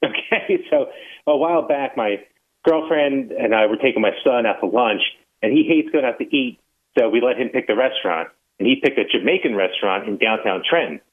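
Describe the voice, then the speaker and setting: A man's voice: medium pitch, expressive, brisk. A male caller on a radio show, telling an easygoing story about a restaurant meal. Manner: easygoing, anecdotal. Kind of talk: call-in storytelling. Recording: phone line.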